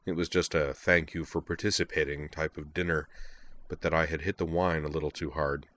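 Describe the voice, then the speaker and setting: A troubled young man quietly recalls events that slipped from his memory, his voice low and thoughtful, as a male narrator plays him. The delivery stays close to the reader's own deep tone, measured and inward. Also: steady tone. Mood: reflective. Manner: quiet, reflective storytelling tone.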